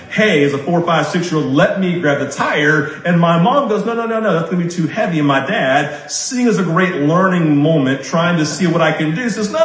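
Male pastor, slightly high voice, preaching in an echoey room, repeats key points, keeps asking "right?". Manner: repeats key lines slowly for emphasis; frequent tag question "right?". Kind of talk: sermon. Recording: roomy echo.

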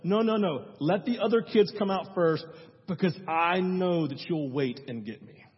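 A man's voice: high voice, moderate pace, husky, big-room sound, dull audio. A trusting little boy, as a male preacher puts him on. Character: young boy trapped under rubble, trusting and calm.

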